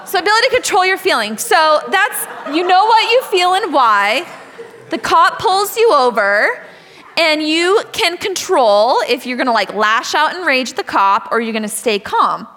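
A woman giving a sermon-style talk, telling animated stories, laughing often and acting out voices. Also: high voice, normal speed, big-room sound, low-quality recording. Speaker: speaker.

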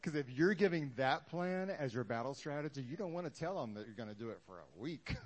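A man preaching to a congregation in a loose, conversational way. His pitch sits in a middle range. He jokes as he goes and acts out the Bible scenes in little put-on voices. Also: lively intonation, fairly quick. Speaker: pastor. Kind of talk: sermon.

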